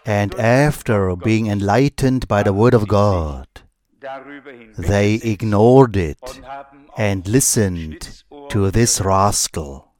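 A man preaching a sermon in slow, measured short phrases. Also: on the low side, darkish tone.

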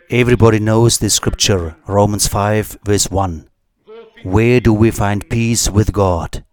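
A man preaching a sermon, speaking deliberately with long pauses and repeated phrases for emphasis. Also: on the low side, a little mellow.

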